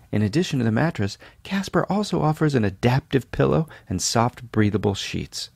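Sleepy gravelly man reading a jokey ad. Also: lowish voice, no echo, clean studio sound. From California. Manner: sleepy, deadpan, self-mocking. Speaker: podcast host. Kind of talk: jokey ad read.

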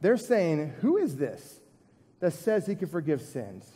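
A man's voice: a little high, wildly swooping pitch, unhurried, dark tone, breathy edge, big-room sound. A man preaching a sermon to a church congregation in a conversational way, asking questions and repeating his points. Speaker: pastor.

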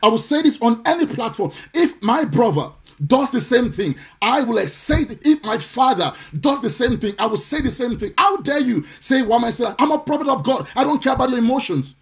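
A man with a very high voice preaches on a live stream. He is forceful and indignant, hammering his points again and again, and now and then he lapses into a sing-song cadence. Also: very animated, fairly quick, few pauses. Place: home or church, streaming live.

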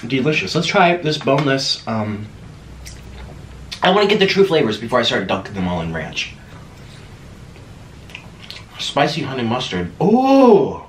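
A young man hosting an eating vlog, talking casually between bites with excited gasps and murmurs. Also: medium pitch, normal speed, pauses often. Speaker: mukbang host. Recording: echoey room with faint noise.

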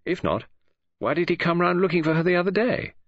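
A brisk, disapproving young woman, clipped and insistent, with a voice that leaps up and down, acted out by a man. She sounds conventional and worried in a storybook reading. The sound is dull and lo-fi, dry and close. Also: high voice, lively intonation, dry recording, voice pushed up. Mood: demanding. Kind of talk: audiobook character reading. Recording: dull lo-fi audio.

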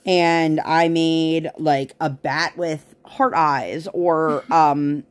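A woman's voice: low-pitched, steady tone, extremely slow. A woman talks to her viewers while she works at a craft table at home. Her chat is loose and rambling, full of tangents and everyday fillers. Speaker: crafting vlogger.

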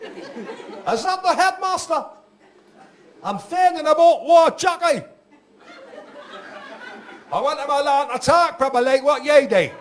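Man doing a Geordie dad, loud, plain-spoken, high and lively, live crowd behind. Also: slow, long pauses, full character voice. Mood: eager. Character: blunt working-class northern English dad on the phone. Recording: live comedy club with crowd noise.

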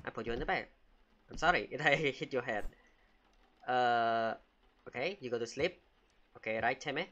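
A man's voice: medium pitch, measured pace, pauses often, a bit bright, dull audio. A man hosting a let's play of a horror game, talking playfully and teasing the in-game baby as he plays. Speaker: gaming channel host.

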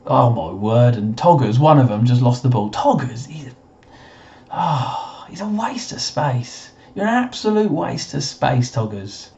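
A young man with a slightly croaky voice commentates his own football management game, muttering and then bursting into cheers at the screen. His voice is dark and mellow. The recording is a little dull and muffled. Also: medium pitch. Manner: excitable, swings between muttering and cheering at the screen. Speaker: gaming commentator. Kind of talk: casual let's-play commentary.

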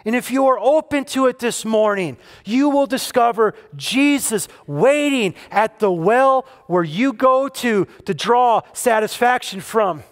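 High-pitched guy preaching at church, chatty but punchy, keeps repeating lines for emphasis. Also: animated, unhurried, hardly any pauses. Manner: conversational preaching with emphatic repetition. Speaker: pastor. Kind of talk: sermon. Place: church service.

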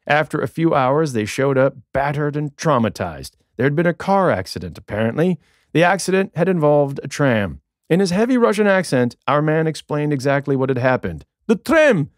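A man reading his own humorous memoir audiobook in a recording studio, with a wry, deadpan storytelling manner. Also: a little high, no room sound. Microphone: studio microphone.

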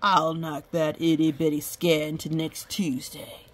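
A swaggering, boastful blacksmith from a picture book, done by a woman reading aloud. The voice sits low and drags slowly, full of puffed-up pride. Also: level tone. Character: proud, boastful male village blacksmith.

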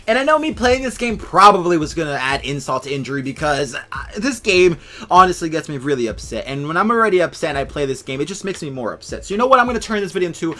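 A young man ranting and swearing over a video game, swinging between yelling and low muttering. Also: expressive, fast talker, a little hiss or hum. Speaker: gaming YouTuber. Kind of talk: angry gameplay commentary.

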